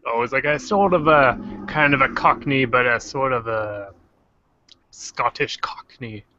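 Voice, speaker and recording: A man hosting a casual livestream discussion, joking and animated. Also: mid-range voice, a little slow, muffled recording, slight background noise. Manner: joking, animated, quotes characters in silly voices. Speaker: host.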